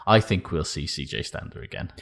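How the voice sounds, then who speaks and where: A man's voice: low-pitched, animated, fairly quick, vocal fry, fairly bright tone. A man co-hosting a podcast, chatting casually about rugby news in a dry, sweary way and laughing often. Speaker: podcast co-host.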